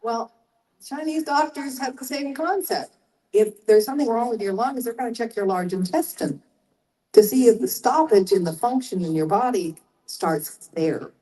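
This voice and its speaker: A woman's voice: fairly high pitch, moderate pace, warm tone, poor audio. An older woman speaking as a guest on a convention panel, explaining things in a chatty way and turning to the audience with asides. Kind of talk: live panel storytelling.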